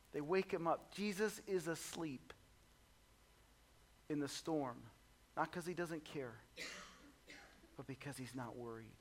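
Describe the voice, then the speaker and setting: A man preaching a sermon in a conversational, humorous way, swinging between soft low asides and loud high exclamations. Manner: conversational and humorous, acts out voices of the disciples. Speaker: pastor.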